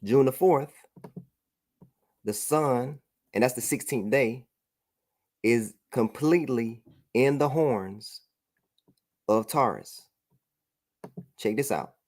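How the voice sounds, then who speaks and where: A man's voice: medium pitch, slow, long pauses, darkish tone. A man teaching a religious class over a broadcast, often saying "all right" and checking that his student follows along.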